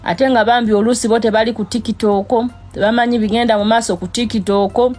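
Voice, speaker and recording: A woman speaking in a measured, earnest way to her followers. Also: on the high side, fairly even intonation, darkish tone, faint music behind. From Uganda. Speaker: TikTok creator. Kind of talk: apology talk to camera.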